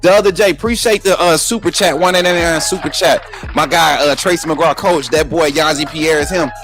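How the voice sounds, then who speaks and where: Man, high voice, live sports talk host, combative, repeats himself, faint music behind. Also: a little fast, fairly bright tone. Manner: combative, repeats himself, talks straight to viewers.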